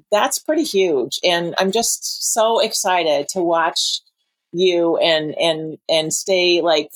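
Encouraging woman podcast host, lowish voice. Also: no room sound. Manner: warm encouraging, chatty with fillers. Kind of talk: casual interview chat.

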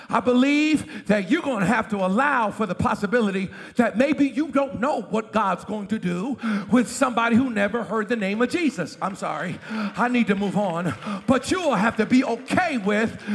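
A middle-aged male pastor preaching an impassioned sermon in a church, often shouting and calling for a witness from the congregation. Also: high-pitched, in a large hall. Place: church sanctuary.

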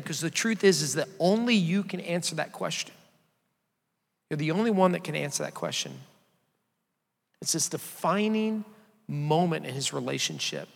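A male pastor with a somewhat high, gravelly voice delivers a sermon in a relaxed, conversational way and invites the congregation to answer aloud. His voice carries a long reverb from a large church hall. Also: moderate pace, long pauses.

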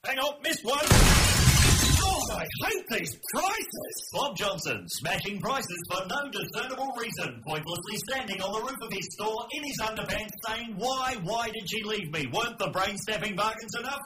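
An actor playing an unhinged male store owner in a parody radio ad, shouting his pitch in a manic way. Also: lively intonation, normal speed, heavy background noise. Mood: despairing.

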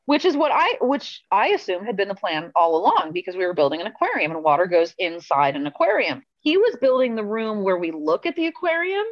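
A woman's voice: mid-range voice, very animated, brisk, few pauses, no room sound. Chatty woman on a muffled call. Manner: chatty, rambling, self-amused. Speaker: podcast guest. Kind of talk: casual storytelling over a video call. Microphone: video call.

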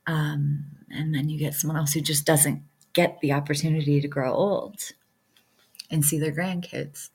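A woman speaking to her viewers in a halting, emotional way, close to tears, as a spiritual vlogger reflecting on loss. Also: low-pitched, little pitch movement, darkish tone, slightly rough. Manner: halting, emotional, with many pauses and fillers. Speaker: spiritual vlogger, self-described light worker. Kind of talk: casual reflective talk to viewers.

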